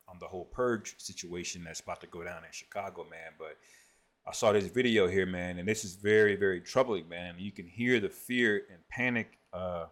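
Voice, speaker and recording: A man giving casual spoken commentary on scripture and prophecy, often tagging his sentences with "man" and reading verses aloud slowly. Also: deep voice, steady tone, fairly bright tone. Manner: conversational, peppers speech with "man".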